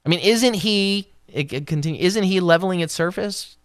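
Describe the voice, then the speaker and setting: A devotional Bible teacher with an expressive delivery who rises in pitch when acting out the words of scripture, then settles back to explain. The recording is dry and close, with no room sound. Hebrew terms are unpacked along the way. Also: moderate pace, dry recording. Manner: expressive, voices scripture quotes with raised pitch.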